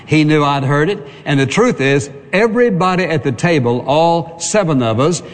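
A pastor giving an earnest sermon to a congregation and calling for amens. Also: male voice, a little high. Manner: earnest preaching with call for amen. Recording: reverberant hall.

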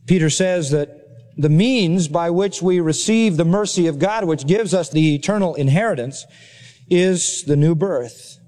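A man's voice: fairly high pitch, measured pace, mellow. A male pastor preaching an expository sermon, emphatic and repeating phrases for stress.

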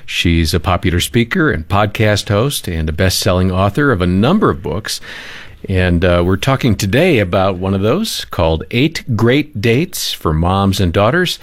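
Low-voiced male radio co-host. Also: big pitch swings, moderate pace. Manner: smooth announcer-like introductions. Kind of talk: show introduction.

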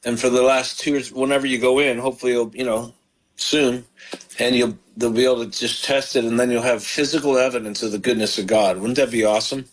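A man's voice: medium pitch, steady tone, fast talker, low-quality recording. A man, a pastor, hosting a live call-in show, fervent and encouraging as he prays with callers.

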